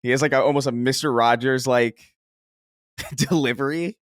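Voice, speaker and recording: A man co-hosts a casual podcast chat, rambling along with plenty of fillers. His voice sits at an average pitch. The recording is dry and close. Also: steady tone, normal speed, no room sound. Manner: chatty, rambling with many fillers. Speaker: podcast co-host.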